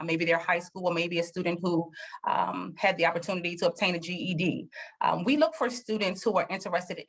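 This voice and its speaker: A woman speaking for a university on a video call panel, measured and formal with frequent pauses and fillers. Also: fairly low pitch. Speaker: university representative. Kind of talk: informative answer on a panel.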